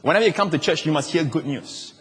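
A male pastor, preaching a lively sermon with jokes and sudden shouted quotes. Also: fairly high pitch, fast talker, long reverb tail.

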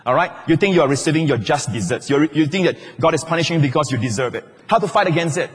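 Pastor preaching in a reverberant hall. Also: male voice, fairly high pitch, lively intonation, fast, breathy edge. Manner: playful, teasing asides to the congregation. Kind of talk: sermon. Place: large church hall.

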